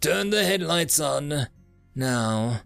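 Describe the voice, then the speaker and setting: A man voicing a scornful young blonde woman fighter who gives hard, sharp commands. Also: fairly high pitch, animated, slow, vocal fry, faint music behind, heavily acted. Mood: scornful, commanding.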